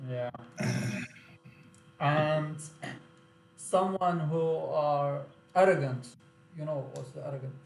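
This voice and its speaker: A man interviewing a local about slang, halting and searching for his English words. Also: a little high, vocal fry. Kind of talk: casual chat. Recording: roomy echo with mains hum.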